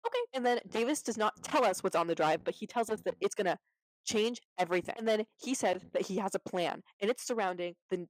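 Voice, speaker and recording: A woman's voice: medium pitch, dry recording, rough recording. A woman recapping a movie in a casual, chatty way, sarcastic and full of fillers. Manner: chatty, sarcastic, heavy use of "like".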